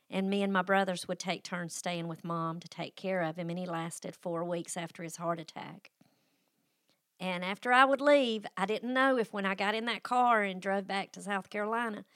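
Telling a personal story on the faith podcast she hosts, this middle-aged woman sounds folksy and emotional, with sighs and restarts along the way. Her voice sits at a medium pitch with a fairly bright tone, captured in clean studio sound with no echo.

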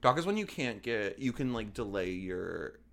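Young guy on a podcast, kinda gravelly and low, rambles a lot and keeps saying like. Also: big pitch swings, moderate pace, fairly bright tone. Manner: rambling, filler-heavy, hesitant. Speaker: podcast co-host. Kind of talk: casual chat.

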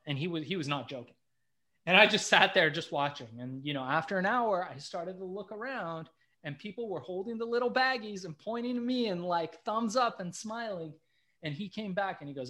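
A middle-aged man, a guest in an interview, telling a story in a casual, animated way and acting out the lines he quotes. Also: high-pitched, brisk.

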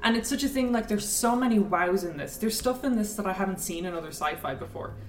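A woman's voice: mid-range voice, animated, fast talker, faint music behind. A woman chatting casually about a film, enthusiastic and rambling with lots of fillers. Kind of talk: casual chat, film review. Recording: echoey room, mic at a distance.

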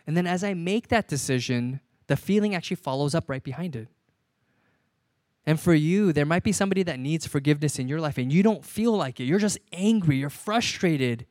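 A man's voice: fairly high pitch, lively intonation, brisk, a little mellow, dry recording. Conversational man preaching a sermon. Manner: conversational, repeats key lines for emphasis. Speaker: pastor.

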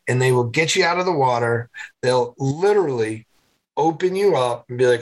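Husky, energetic man telling stories. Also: mid-range voice, normal speed, low-quality recording. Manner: energetic storytelling, acts out voices. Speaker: guest, former Navy SEAL and keynote speaker. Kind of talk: conversational podcast interview.

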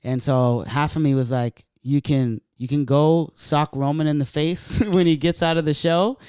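A man telling a story in a casual podcast chat, animated and profane, acting out what people said. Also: a little high, normal speed, clean tone, dry recording, studio quality. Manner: profane, animated, acts out quotes.

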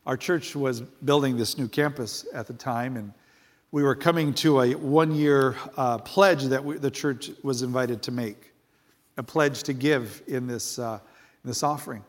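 A man's voice: medium pitch, measured pace. A middle-aged man, a pastor, preaching a sermon and telling a personal story, acting out the dialogue and building to emphatic preaching.

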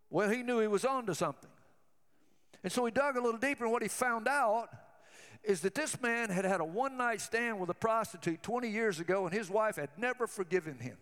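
A man's voice: high voice, brisk, a bit bright, big-room sound. A man preaching a sermon to his church, fervent and telling stories as he goes. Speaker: pastor.

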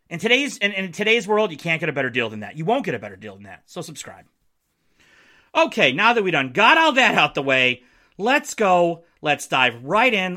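Lively, bright-voiced man hosting a sports podcast. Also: sits high. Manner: playful, self-mocking, rambling asides. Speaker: podcast host. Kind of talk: solo sports podcast, casual and jokey. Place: home basement.

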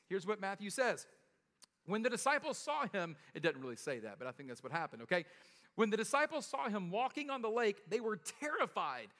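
Man preaching, casual and joking, high bright voice, long hall reverb. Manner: casual, joking storyteller with frequent laughs and "right?". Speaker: pastor. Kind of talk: sermon.

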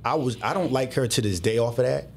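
A man, a former police officer, telling his story as a guest in a casual, profane, animated way. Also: mid-range voice, fast talker, creaky, breathy edge. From Southwest Philadelphia. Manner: profane, animated retelling with acted-out dialogue.

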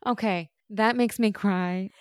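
A woman's voice: medium pitch, fairly even intonation, takes it slowly, smooth, no room sound, studio quality. A woman co-hosting a podcast, chatting casually and laughing often as she recaps a TV episode. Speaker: podcast co-host.

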